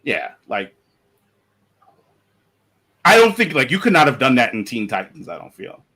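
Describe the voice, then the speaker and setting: A man talks through his opinions on a casual podcast panel, voice sitting at an ordinary middle pitch. He rambles, piles up fillers and restarts his sentences as he thinks aloud. He is on an online call. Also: wildly swooping pitch, normal speed, sharp tone, husky.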